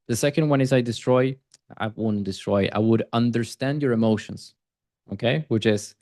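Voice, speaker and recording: A man's voice: mid-range voice, normal speed, darkish tone, dry recording, studio quality. A man coaching a group on sales calls in a casual, conversational way, often acting out what he would say to a prospect. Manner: conversational, repetitive fillers, acts out sales call lines. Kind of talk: live coaching session.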